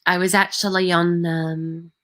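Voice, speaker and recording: A woman, chatting on a livestream. Her voice sits on the low side, and she works through viewer comments hesitantly, with plenty of ums and restarts. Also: little pitch movement, unhurried, fairly bright tone. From Manchester, England. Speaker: livestream host. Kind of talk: casual livestream chat, reading viewer comments.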